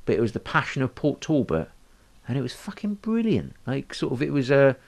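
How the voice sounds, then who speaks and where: A man's voice: medium pitch, huge pitch swings, a little fast, gravelly. A man co-hosting a podcast, telling a rambling story in casual chat. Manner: rambling, hesitant, lots of fillers and restarts. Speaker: podcast co-host.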